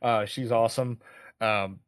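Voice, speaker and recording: A man's voice: lowish voice, steady tone, measured pace, clean tone, dry recording, clean studio sound. A man co-hosting a movie podcast, talking casually with lots of fillers and quoted reactions. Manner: rambling, many fillers, quoting lines. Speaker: podcast co-host.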